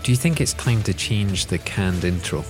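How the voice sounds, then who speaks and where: A man co-hosts a podcast in an easygoing, playful way, teasing his partner. His voice sits somewhat low for a man. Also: expressive, moderate pace, music in the background. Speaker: podcast co-host, student advisor. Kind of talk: casual chat.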